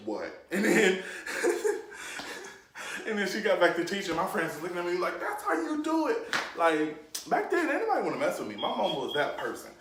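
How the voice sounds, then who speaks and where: A young man telling a storytime vlog story, animated and jumping into different voices for the people he quotes. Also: fairly high pitch, distant mic, slight background noise. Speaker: YouTube storyteller. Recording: roomy echo, off from the mic.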